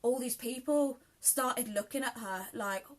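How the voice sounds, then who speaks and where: A British sewing vlogger chats casually and rambles while she sews, speaking a little slowly in a slightly high voice. Her talk is full of ums and laughter.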